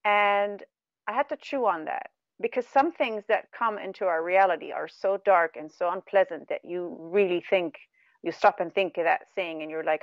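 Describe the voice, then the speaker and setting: A middle-aged woman who is not a native English speaker, a guest talking earnestly and warmly about spiritual self-talk in a radio conversation. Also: lowish voice, normal speed, no echo, dull audio. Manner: earnest, animated, laughs at herself. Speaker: guest, meditation teacher.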